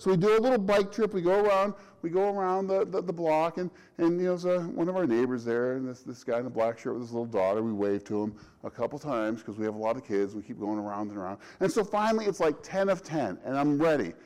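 A middle-aged pastor preaching in a fairly high voice for a man. He talks conversationally, stumbling over and repeating words as he goes, and leans on rhetorical questions. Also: darkish tone, low-quality recording. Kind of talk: sermon.

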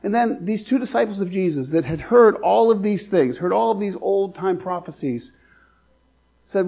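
A man preaching a sermon as pastor, earnest, slowing down to stress scripture. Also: high-pitched, darkish tone, breathy edge.

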